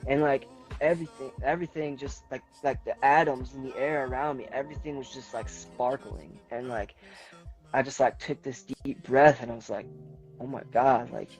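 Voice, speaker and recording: A man speaks as a guest on a conversational show and tells a personal story in a loose, rambling way. He keeps reaching for "like" between his phrases. His voice sits at an ordinary middle pitch, with faint music underneath. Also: fairly even intonation, normal speed, rough recording. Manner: rambling, leans heavily on filler "like". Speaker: podcast guest.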